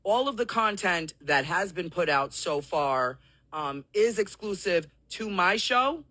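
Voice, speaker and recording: Host type: hoarse woman, bright edge, high for her, explains at length, dry close sound. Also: animated, a little slow, no echo. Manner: apologetic, explaining at length to viewers. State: hoarse from coughing; out of breath. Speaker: live show host. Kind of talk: live-stream talk show address.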